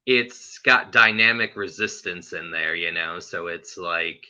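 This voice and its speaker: A man's voice: deep voice, measured pace, pushed and bright. A man hosting a casual interview chat, rambling with lots of fillers and laughing often as he talks. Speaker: host. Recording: muffled lo-fi audio.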